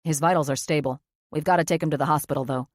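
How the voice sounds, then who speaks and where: A woman narrating an audiobook, voicing an adult paramedic who talks in a brisk, urgent, matter-of-fact way. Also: deep voice, fairly even intonation, dry recording, clean studio sound, voice pushed down.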